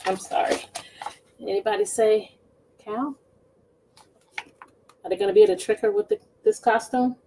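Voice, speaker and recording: A woman teacher reading a picture book aloud to children, pausing to ask them questions. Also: on the high side, vocal fry, a little hiss or hum, poor audio. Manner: slow, expressive, asks children questions. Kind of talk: storybook read-aloud lesson.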